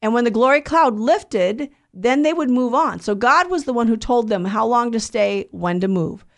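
A woman's voice: on the high side, expressive, normal speed. A woman hosting a call-in radio show and teaching on the Bible in an earnest, conversational way, often checking in with her listeners.

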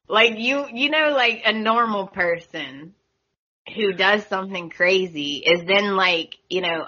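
Woman, podcast host, casual recap chat, bright voice, muffled lo-fi sound. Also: mid-range voice, moderate pace. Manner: chatty, laughs often, acts out quotes.

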